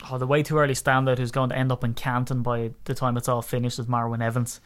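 Guy cohosting a podcast, jokey and chatty, mid-pitched voice. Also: level tone, fast talker. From Ireland. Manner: jokey, laughs often. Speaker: podcast co-host. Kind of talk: casual chat.

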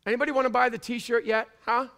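A man from Canada with a Canadian accent, preaching a fiery sermon in church and often shouting. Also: extremely high pitch, flat delivery, fast. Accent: Canadian English. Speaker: pastor. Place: church before a congregation.

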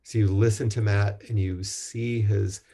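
A man leading a spiritual talk and group chanting, speaking gently and encouragingly with halting restarts. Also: lowish voice, fairly even intonation, slightly rough. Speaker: Zen teacher.

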